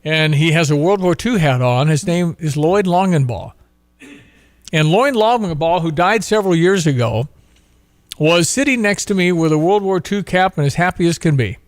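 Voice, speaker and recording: A man's voice: fairly high pitch, lively intonation, normal speed, dry recording, studio quality. A man hosting a talk show, telling a story in an earnest, emphatic way and drawing moral lessons from it.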